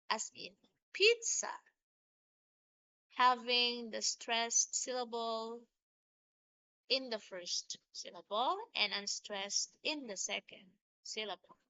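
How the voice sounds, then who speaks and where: Slow, bright-voiced woman teacher. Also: on the high side, dry recording. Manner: slow, patient explaining with sung-out rhythm examples. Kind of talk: classroom lesson on poetry. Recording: dull lo-fi sound.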